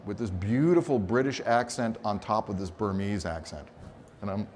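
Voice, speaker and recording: A man's voice: lowish voice, normal speed. A man giving a live photography seminar on a conference stage, telling stories with humor and acting out quotes. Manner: expressive storyteller, acts out quotes, teasing humor. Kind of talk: animated live seminar talk.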